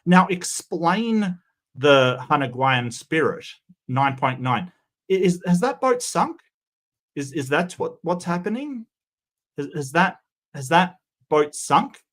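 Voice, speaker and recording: A man hosting casual commentary on a video clip, talking in an incredulous way that jumps up in pitch when he objects. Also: fairly bright tone. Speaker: commentary host reacting to a clip.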